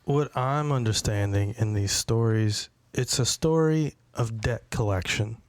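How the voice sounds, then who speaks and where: A man's voice: mid-range voice, a little slow, dry recording. A man hosting a podcast, chatting casually and joking crudely. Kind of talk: casual chat.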